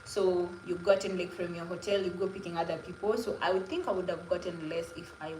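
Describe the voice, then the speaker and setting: A woman's voice: fairly low pitch, steady tone, brisk, darkish tone. A young woman from Kenya with a Kenyan accent, chatting casually and rambling to viewers on her live stream. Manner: chatty, rambling, laughing asides. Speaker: livestreamer. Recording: echoey room with faint noise.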